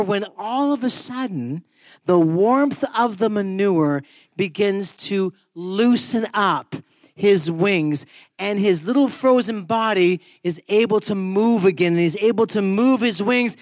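A man preaching a sermon in church, telling a story with humor and sudden jumps in pitch and volume. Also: lively intonation, measured pace, no echo, studio quality.

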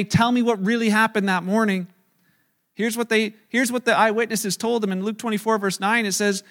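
A man preaching a sermon, retelling a story with lively acted-out quotes and casual asides. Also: high-pitched. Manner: animated storytelling, acting out quoted voices. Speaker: pastor.

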